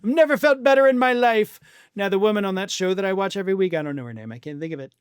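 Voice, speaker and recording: A man's voice: high-pitched, lively intonation, fast, clean tone, no room sound, clean studio sound. A man putting on a mocking impression of a rambling older male politician who mumbles and runs himself down. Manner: mumbling, self-deprecating parody.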